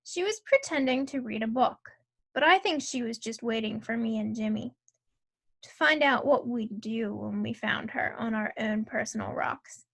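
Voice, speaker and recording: A woman reading a children's novel aloud as narrator, telling the story in a clear, measured way. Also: fairly high pitch, a bit bright.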